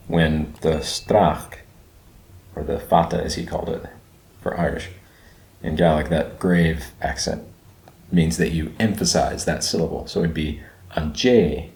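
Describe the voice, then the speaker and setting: A man's voice: a bass voice, creaky, darkish tone, reverberant, low-quality recording. A man hosting a reaction video, thinking aloud with fillers and repeating words as he tries saying them. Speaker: channel host reacting to a video. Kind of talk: casual reaction commentary.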